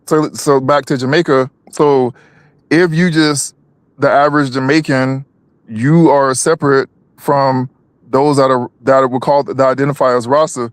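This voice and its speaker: A man's voice: medium pitch, steady tone, unhurried, no room sound. A man co-hosting a live stream, talking politics casually, with many restarts and repeated words.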